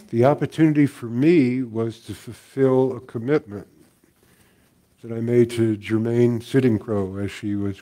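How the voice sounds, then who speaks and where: Older guy telling stories at a talk, easygoing, warm mellow voice, chuckles a lot. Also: mid-range voice. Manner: relaxed, chuckling storyteller. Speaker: guest teacher. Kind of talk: storytelling talk.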